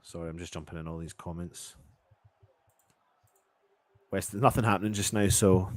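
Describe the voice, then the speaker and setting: A man from England doing live fan reaction commentary on a match, exasperated and swearing, swinging between low muttering and loud outbursts. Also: fairly even intonation, moderate pace, no echo.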